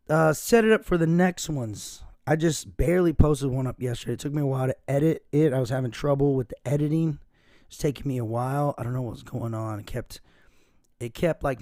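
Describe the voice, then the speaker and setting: A man with a hoarse, raspy voice hosting a casual solo podcast, rambling and self-mocking and saying "dude" a lot. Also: mid-range voice, a little mellow, no echo, clean studio sound. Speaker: podcast host.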